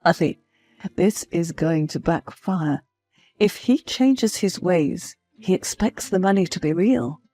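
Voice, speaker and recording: A woman's voice: fairly low pitch, lively intonation, slow, mellow, soft background music. A woman voicing a blunt, worried mother warning her daughter in a spoken story.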